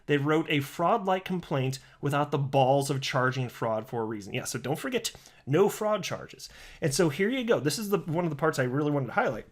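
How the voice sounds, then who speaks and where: A man's voice: fairly high pitch, moderate pace. Sarcastic, ranting male YouTuber. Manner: animated, sarcastic ranting with mocking insults; self-correcting, restarts lines. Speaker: crypto YouTuber. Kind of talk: solo commentary reading tweets aloud.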